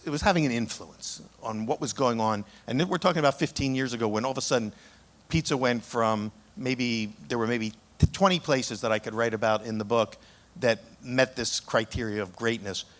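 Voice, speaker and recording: A man in the middle of a talk, spinning an anecdote with lively storytelling energy. His pitch sits at an everyday middle level. He stumbles and restarts now and then as he talks. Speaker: author giving a talk.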